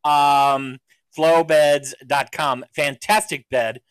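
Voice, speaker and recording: A man's voice: fairly high pitch, fairly even intonation, slow, clean tone, dry recording. A man hosting a podcast in casual chat, rambling through stories and laughing often. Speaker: podcast host.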